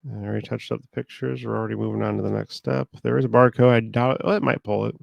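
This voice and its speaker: A man with a gravelly, somewhat low voice talks in a flat monotone, a sore throat weighing on it. He rambles casually as he works at his computer. The sound is close and dry. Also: fast, no echo, muffled recording. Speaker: online reseller. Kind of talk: casual talk while working.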